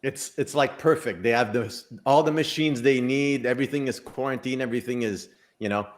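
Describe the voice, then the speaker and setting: A man's voice: medium pitch, fairly quick. A man co-hosting a casual chat show, rambling and breaking off mid-sentence. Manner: rambling, self-interrupting, laughs at own jokes. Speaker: psychic co-host.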